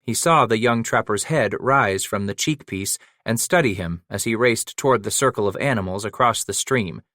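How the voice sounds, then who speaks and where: A man's voice: on the low side, moderate pace, sharp tone, no room sound. Man narrating, dry and close. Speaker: audiobook narrator. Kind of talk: scripted narration. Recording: dry close studio recording.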